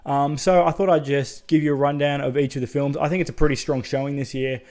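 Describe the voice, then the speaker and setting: A man's voice: a little high, fairly even intonation, quick pace, background noise. A man giving a casual, enthusiastic spoken review of horror short films, swearing freely and adding chatty asides.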